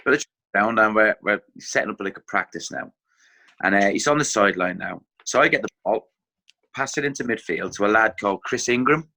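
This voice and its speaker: Podcast guest: middle-aged Irish man, ex-footballer, vivid storyteller, bright forceful low voice. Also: fairly quick. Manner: animated anecdote-telling, acts out quotes.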